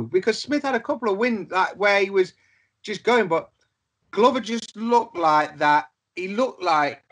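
A man with a fairly high, husky voice tells stories with a lot of swing in his pitch. He swears casually and slips into the voices of the people he describes. It is relaxed podcast banter. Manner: animated storyteller, swears freely, acts out quoted characters. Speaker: podcast co-host. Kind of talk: casual chat.

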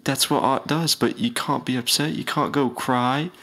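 A man's voice: mid-range voice, fairly even intonation, normal speed, a bit bright. A man in a comedy skit, playing a self-important rapper who lectures earnestly and a bit pompously. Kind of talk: mock-earnest comedy announcement.

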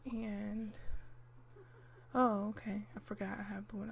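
A woman narrating her life-simulation gameplay in a relaxed, chatty way, with lots of fillers, clearing her throat now and then. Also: mid-range voice, measured pace, slight background noise. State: clearing throat, hiccuping and coughing. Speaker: gameplay commentator.

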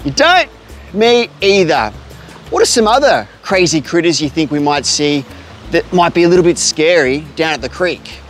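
Soft music plays behind this Australian host of a kids' outdoor show, whose fairly high-pitched voice is animated and moves at normal speed. Out by a creek, he cheerfully addresses the children and his pet bird directly.

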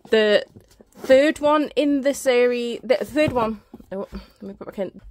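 A book vlogger holds a handheld camera while giving a casual tour of her home library. Breathless and chatty, she often stumbles over words, speaking unhurriedly in a slightly high, somewhat mellow voice.

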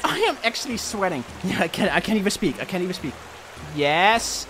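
A young man commentating his own gameplay, excitable and swinging between panic and cocky boasting. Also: high-pitched, moderate pace, slight background noise. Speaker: gaming streamer.

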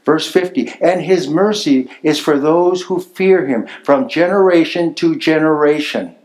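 A man's voice: on the high side, unhurried, a little mellow, poor audio. Emphatic male pastor preaching a sermon. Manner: emphatic preaching with repetition, rising on key phrases. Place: church sanctuary.

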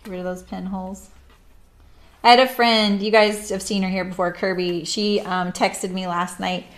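A woman's voice: mid-range voice, steady tone, moderate pace. A middle-aged woman chatting casually with viewers of her live stream while she sews, rambling and laughing often.

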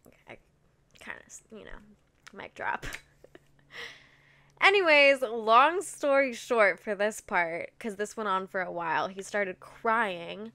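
A woman's voice: on the high side, slow pace, clear, resonant tone. A young woman hosting a podcast, telling a personal story in a candid, casual way, swearing freely and saying "like" often. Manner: candid and expressive, swears freely, many likes. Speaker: podcast host.

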